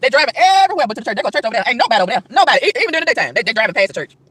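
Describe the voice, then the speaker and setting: A woman preaching hard in a high, bright voice, her pitch leaping all over as she rattles through rhetorical questions at breakneck speed. She repeats and stumbles over words in her hurry, recorded outside with a dry, close sound. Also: very animated, racing, slightly rough, dry recording. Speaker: vlogger. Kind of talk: preachy street rant to camera. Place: outdoors in a park.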